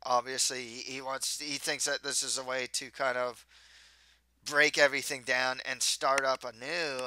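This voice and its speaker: A man's voice: medium pitch, sharp tone, clear, resonant tone, no echo. A man giving a casual, rambling spoken movie review, often restarting his sentences. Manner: rambling, with frequent restarts and stumbles.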